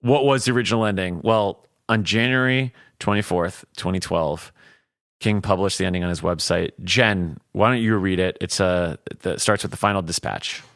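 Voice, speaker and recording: Deep-voiced man hosting a podcast. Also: moderate pace, fairly bright tone, no echo, studio quality. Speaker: podcast host. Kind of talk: casual book discussion.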